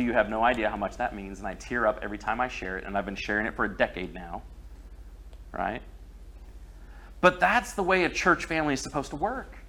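A man's voice: mid-range voice, fairly bright tone. A middle-aged man preaching a sermon, telling a personal story in a conversational way.

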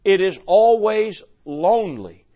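An older man preaching a sermon to a congregation, swinging between loud declarations and hushed, slow phrases, with rhetorical questions. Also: sits high, animated. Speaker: pastor. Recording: dull lo-fi recording.

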